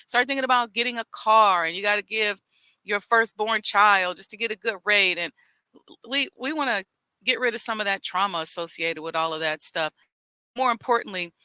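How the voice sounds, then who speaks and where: A woman's voice: mid-range voice, bright, forceful tone, clear, resonant tone, dry recording. A woman hosting a live talk outdoors, chatting in a folksy way with a Chicago accent, speaking into a headset mic. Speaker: host. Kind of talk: live-streamed casual talk.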